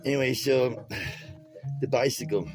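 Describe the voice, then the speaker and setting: A man's voice: mid-range voice, a little slow, over music, low-quality recording. A man who tells meandering stories while showing how to tie-dye a shirt, using casual, streetwise speech and often restarting his sentences. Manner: rambling, restarts and drifts between stories. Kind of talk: storytelling while demonstrating a craft.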